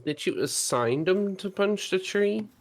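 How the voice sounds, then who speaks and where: A woman playing along in a game chat, giving brief calm replies and questions. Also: medium pitch, measured pace. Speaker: co-player. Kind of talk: casual gaming chat.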